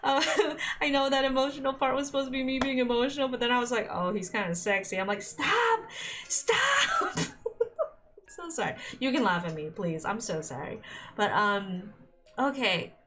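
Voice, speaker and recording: A woman's voice: fairly high pitch, brisk, a bit bright, soft background music. A young woman streamer chatting casually and emotionally as she wraps up a game episode, rambling with lots of "like" and little laughs. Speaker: let's-play streamer.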